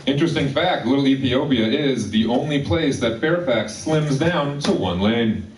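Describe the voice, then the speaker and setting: A man's voice: mid-range voice, animated, moderate pace. A male stand-up comedian delivering provocative jokes and teasing the audience. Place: comedy club stage. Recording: roomy sound from a distant mic.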